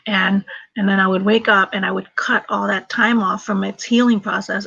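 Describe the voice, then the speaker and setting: Chatty woman with a gravelly voice. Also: medium pitch, fairly even intonation, a little fast, fairly bright tone, no room sound, dull audio. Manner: chatty, laughs often, talks to her dog. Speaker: livestream host. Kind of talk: casual livestream chat.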